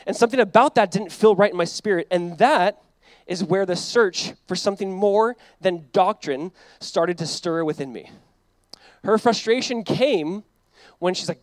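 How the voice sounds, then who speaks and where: High-voiced casual man preaching. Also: brisk, dry recording. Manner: conversational preaching, acts out quoted voices, frequent "like". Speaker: pastor. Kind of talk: sermon.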